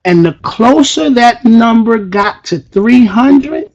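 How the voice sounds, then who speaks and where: A man giving a fiery motivational speech to an audience, preacher-like, firing repeated rhetorical questions and breaking into shouts. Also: very high voice, lively intonation, slow pace, muffled recording. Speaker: motivational speaker at a sales event.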